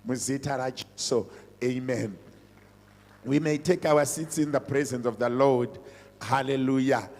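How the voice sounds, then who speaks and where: A man's voice: mid-range voice, steady tone, measured pace, a little mellow. A middle-aged man, a pastor giving a sermon and church announcements. He is emphatic and repeats his points, switching between languages. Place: church hall. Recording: reverberant church hall.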